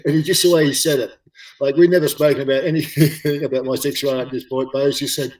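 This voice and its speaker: Australian man, middle-aged, halting, many fillers, echoey room, mic far away. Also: medium pitch, steady tone, darkish tone. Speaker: interview guest, former rugby league player. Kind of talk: casual chat, storytelling. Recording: roomy, distant mic.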